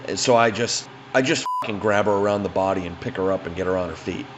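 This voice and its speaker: A man's voice: low voice, fast, background noise. A man telling a funny anecdote in a rambling, profane, casual way. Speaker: storyteller.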